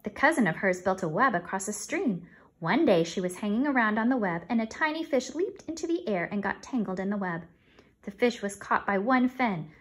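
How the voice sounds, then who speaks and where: A woman's voice: brisk, husky. A woman voicing an eager, imaginative little farm girl in a storybook reading. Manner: excited, rising pitch.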